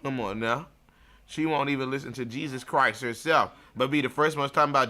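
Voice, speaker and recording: A man's voice: mid-range voice, quick pace, pushed and bright. A man hosting a livestream, delivering a blunt, profane, mocking monologue and laughing at his own jokes. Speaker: show host.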